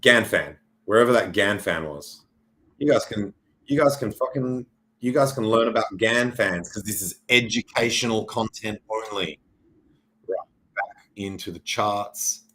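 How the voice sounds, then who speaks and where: A man's voice: fairly low pitch, unhurried, fairly bright tone, poor audio. An Australian man hosting a livestream, talking through crypto charts in a rambling, jokey and profane way. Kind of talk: casual livestream chart commentary.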